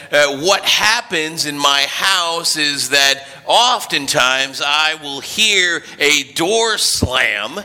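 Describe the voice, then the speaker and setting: A man's voice: medium pitch, bright, forceful tone. A man preaching a sermon, thoughtful and hesitant, often repeating his words as he searches for them. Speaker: pastor.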